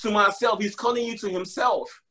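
A man's voice: high-pitched, steady tone, moderate pace, pushed and bright. A man preaching with passion on a live broadcast, repeating his key phrases and calling out to listeners with "y'all.".

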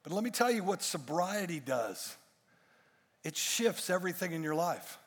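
Speaking at normal speed in a high, very animated, slightly rough voice, a male pastor addresses his congregation from the church stage in a large hall. His sermon is emphatic, peppered with jokes and rhetorical questions.

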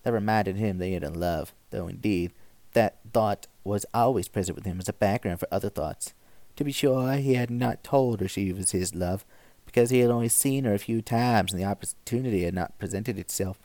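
Man reading old stories aloud, measured. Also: on the low side, dry recording. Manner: measured, even narration. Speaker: story reader.

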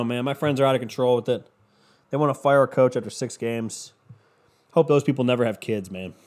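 A man's voice: medium pitch, a little mellow. A man ranting in a sarcastic, profane, rambling comedic monologue as a podcast host. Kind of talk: comedic rant.

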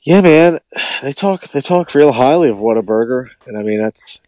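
A man, a musician guest on a podcast, chatting casually in a relaxed, rambling way with lots of hedging. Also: medium pitch, moderate pace, no echo. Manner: relaxed, rambling, hedges a lot. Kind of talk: casual chat.

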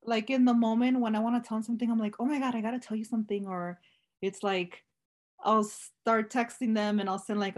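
Business-owner guest, woman, relaxed chatty storytelling, mid pitch. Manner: casual, says "like" a lot, warm chatty storytelling. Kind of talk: casual interview chat.

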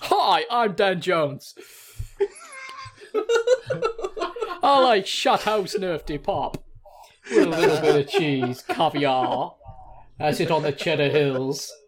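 A man's voice: fairly high pitch, expressive. A man doing a hammy mock Somerset yokel. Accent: put-on Somerset. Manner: slow, sing-song, exaggerated yokel delivery. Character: mock rural West Country version of a male co-host.

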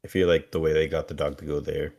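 Male co-host, very low voice, relaxed wry recap. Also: fast, vocal fry. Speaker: podcast co-host. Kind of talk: casual episode recap.

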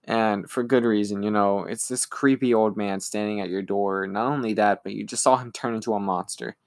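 A man's voice: on the low side, fairly quick. A young man co-hosting a podcast, casually retelling an episode and acting out characters' lines. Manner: lively retelling, acting out lines in silly voices. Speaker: podcast co-host. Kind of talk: casual recap chat.

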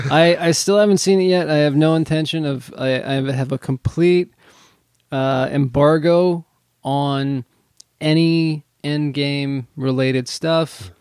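A man's voice: fairly high pitch, fairly even intonation, takes it slowly, darkish tone, smooth, no echo, clean studio sound. A man co-hosting a podcast in casual chat, rambling and joking with the odd swear word. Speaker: podcast co-host.

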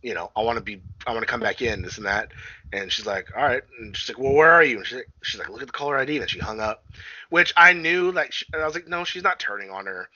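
A man's voice: on the low side, fast talker, bright, forceful tone, no room sound, dull audio. A man casually recapping a film on a podcast, rambling and swearing, often acting out quotes and laughing. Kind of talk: casual chat.

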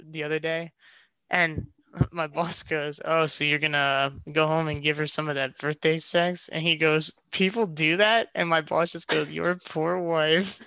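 A man's voice: fairly high pitch, flat delivery, moderate pace, bright, forceful tone, clear, resonant tone, no echo. A young man chatting on a podcast, laid-back and laughing while he tells a story. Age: young adult. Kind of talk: casual chat, storytelling. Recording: dull dry podcast mic.

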